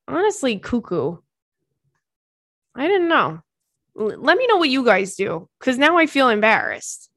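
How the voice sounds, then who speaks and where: A woman's voice: mid-range voice, creaky, fairly bright tone, no echo. Thirtysomething woman podcaster, blunt and chatty, swears a lot, dry close mic. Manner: candid, swears freely, quick asides. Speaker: podcast host. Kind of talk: casual chat, reading listener letters.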